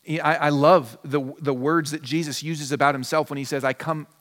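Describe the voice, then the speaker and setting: A pastor preaches in a casual, conversational way, slipping into quick imagined exchanges to make a point. His voice sits fairly high for a man. The sound carries a long reverb from the church hall. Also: steady tone, a bit bright. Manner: conversational preaching, acts out little dialogues. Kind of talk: sermon. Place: church sanctuary.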